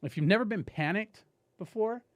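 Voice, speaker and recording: A man guest on a podcast, telling a story in a casual, animated way, swearing and saying "dude" often. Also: sits high, moderate pace, dry recording.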